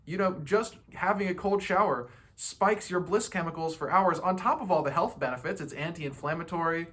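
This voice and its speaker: A man's voice: fairly high pitch, moderate pace, sharp tone. A man giving a casual, playful motivational talk on feeling good, laughing often and acting out other people's voices. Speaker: spiritual self-help speaker.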